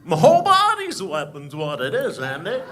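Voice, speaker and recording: A man impersonating a jittery, boastful small-town male deputy who brags in an excitable way, in a stand-up impression. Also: normal speed, slight background noise, heavily acted. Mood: bragging. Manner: squeaky, excitable bragging.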